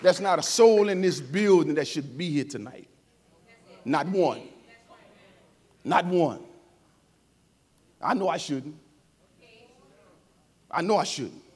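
A man preaching a sermon in a church service. He talks informally and emotionally, swinging from quiet and tender to loud calls to the congregation, with playful asides. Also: a little high, expressive, takes it slowly, pauses often, breathy edge.

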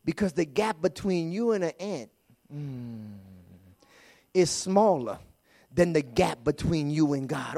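Male preacher, high and lively voice, shifts between hushed asides and shouted praise. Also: slow pace. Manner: fervent call-and-response preaching, swings from quiet to shouting. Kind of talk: sermon. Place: church sanctuary.

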